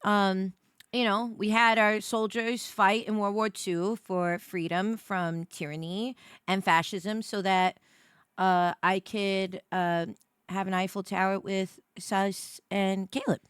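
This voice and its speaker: An American woman streamer chatting casually on a live stream, jet-lagged and tired, rambling with many fillers and bursts of excitement. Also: mid-range voice, slow pace, smooth, no room sound, studio quality. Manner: excitable, rambling, many fillers, swings between mumbling and squealing.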